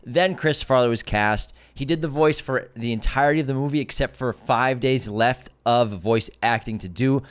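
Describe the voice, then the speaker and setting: A man's voice: mid-range voice, normal speed, few pauses, smooth. A man co-hosting a movie podcast, talking casually and trading teasing banter with his co-host.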